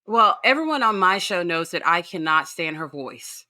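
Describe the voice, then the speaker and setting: A woman talking in a casual, animated podcast chat about celebrity gossip. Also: on the low side, normal speed. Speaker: podcast guest host.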